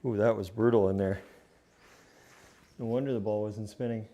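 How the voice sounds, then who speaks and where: A man's voice: on the low side, steady tone, moderate pace, warm tone. A man streaming from his home golf simulator, casually talking viewers through his practice swings and repeating his points. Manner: coaching, talks to viewers as a group, repeats himself. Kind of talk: casual commentary while hitting practice shots.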